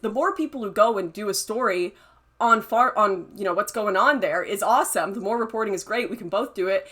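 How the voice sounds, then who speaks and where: A woman's voice: on the high side, a little fast, fairly bright tone. A young adult woman hosting a casual livestream, chatty and laughing often as she reads and answers chat comments. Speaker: livestream host reading chat.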